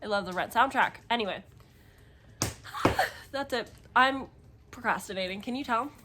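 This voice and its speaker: A young woman vlogs casually at home about a book she's reading, rambling and chatty with plenty of fillers and openly emotional reactions. Her voice is a little high and her pace measured.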